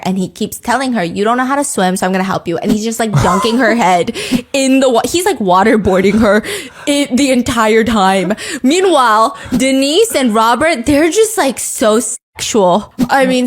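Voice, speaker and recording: A woman podcast host with a slightly high voice, chatting casually and jokily. She recaps a show with animated delivery, acting out quoted lines as she goes. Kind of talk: casual comedic recap chat.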